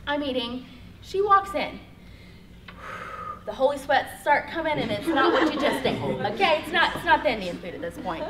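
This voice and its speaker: Lively woman telling a story. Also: high-pitched, normal speed, far from the mic, over a noisy crowd. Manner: animated, laughing storyteller, heavy use of "like". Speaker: workshop speaker. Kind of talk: personal testimony talk. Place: college hall. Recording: roomy hall echo.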